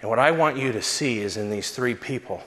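A man preaching a sermon and telling a personal story with animated, self-mocking delivery. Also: fairly quick. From Southern California. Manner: lively storyteller, big pitch swings, self-mocking. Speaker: pastor. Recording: long hall reverb.

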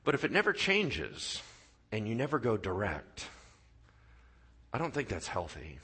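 A male pastor preaching a sermon in church, telling stories with acted-out voices and dropping to quiet, earnest tones for his key points. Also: on the low side, unhurried, breathy edge. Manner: animated storyteller, acts out voices and sound effects. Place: church sanctuary.

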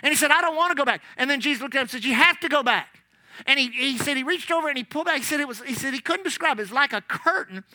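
A man's voice: very high voice, racing, no echo. A man preaching a sermon, telling stories and calling out "amen" as he goes. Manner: animated, repeats lines, calls out "amen". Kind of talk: sermon with storytelling.

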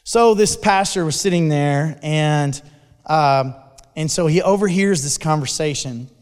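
A man telling a sermon story in an animated way, with frequent restarts. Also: on the high side, unhurried, clean tone. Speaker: speaker. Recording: long hall reverb.

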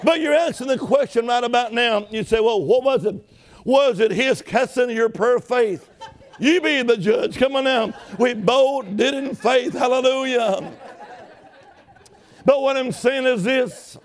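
A man's voice: extremely high pitch, measured pace. A man preaching a sermon, telling a story with emphasis and calling on the congregation to respond.

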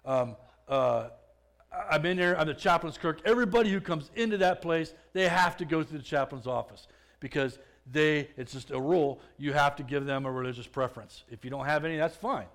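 A man with a somewhat high-pitched voice tells his own story as a testimony. He talks plainly and conversationally, stumbling over and repeating words. His voice swells louder at the tense moments. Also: fairly quick. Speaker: speaker giving a testimony.

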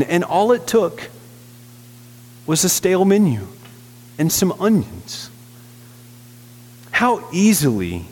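A man preaches to his church in an earnest sermon, leaning on rhetorical questions. His voice sits a little high for a man. The sound carries a long, hall-like reverb. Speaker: pastor.

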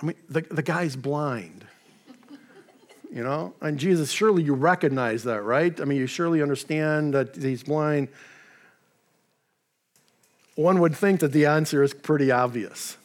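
Preaching with a fairly high voice, this pastor keeps things easygoing and chatty, with offhand asides and loosely retold dialogue. He never rushes, and the tone stays warm and friendly.

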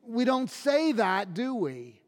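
A male pastor preaching a sermon with emphatic delivery, dropping low and quiet on key phrases. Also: big pitch swings, slow, long reverb tail.

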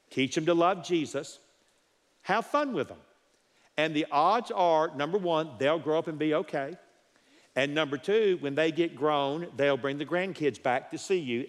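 A man preaching a sermon with emphasis, repeating his key phrases and counting off numbered points. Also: medium pitch. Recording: long hall reverb.

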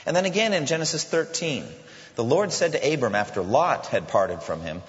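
A male pastor preaching a sermon emphatically, slowing down to stress his points, in a large church. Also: medium pitch, expressive. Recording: dull sound with long hall reverb.

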